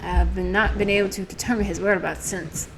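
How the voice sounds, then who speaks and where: A woman's voice: medium pitch, little pitch movement, fast, background noise, lightly acted. A woman voicing a formal, polite male investigator with a put-on European accent, reading game dialogue aloud.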